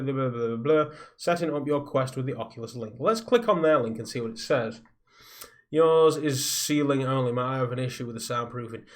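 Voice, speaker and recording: A man live streaming from a soundproofed home recording room, rambling in casual chat and reading viewer comments aloud. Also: mid-range voice. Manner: rambling, reads viewer comments aloud, skims text with "blah blah".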